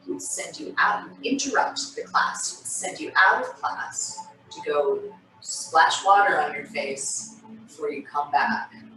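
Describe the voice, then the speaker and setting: A woman instructor guiding a stretching class over a video call, with soothing, breathy cues and sighs. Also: lowish voice, fairly bright tone, distant mic, a little hiss or hum. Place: home room on a video call. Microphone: laptop mic on a video call. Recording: echoey room, off-mic, music behind. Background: background music.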